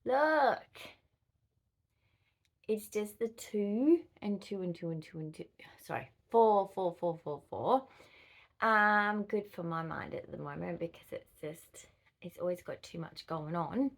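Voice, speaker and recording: A woman's voice: fairly low pitch, animated, measured pace, a little mellow. Chatty, rambling Australian woman vlogger. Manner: rambling and easily distracted, with frequent fillers and laughs. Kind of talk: casual chat to camera.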